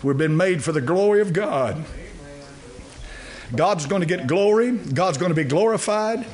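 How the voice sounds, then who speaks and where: Male preacher, fairly high voice, folksy and emphatic, fires questions at the congregation. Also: animated, a little slow, a little mellow. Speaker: pastor. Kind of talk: sermon.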